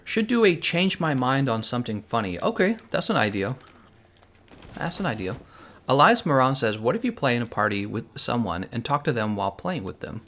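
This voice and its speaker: A man's voice: mid-range voice, sing-song, a little fast, hardly any pauses, a bit bright. Rambling man chatting on a game stream. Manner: rambling, thinks aloud, reads and answers chat. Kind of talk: casual live-stream chat while gaming.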